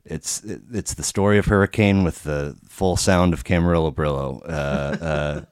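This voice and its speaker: Very deep-voiced rambling man. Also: steady tone, normal speed, clean tone, no room sound, studio quality. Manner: rambling, profane, many restarts. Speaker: podcast guest. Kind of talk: casual conversation.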